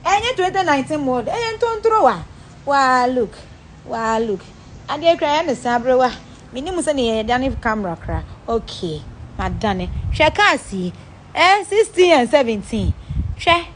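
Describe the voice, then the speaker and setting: This young woman, a celebrity with a Ghanaian accent, has a high, sing-song voice at normal speed, with a little hiss or hum in the audio. Chatting animatedly to camera, she gives a blunt, profane tour of her home in a mix of Pidgin and Twi.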